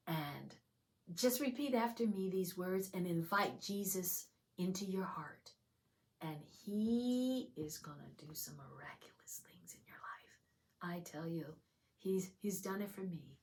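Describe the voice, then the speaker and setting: Excitable woman, loud praise and hushed whispers. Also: fairly low pitch, a little slow. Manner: chatty, many fillers like "you know". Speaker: video host sharing testimony. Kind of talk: emotional religious testimony and prayer.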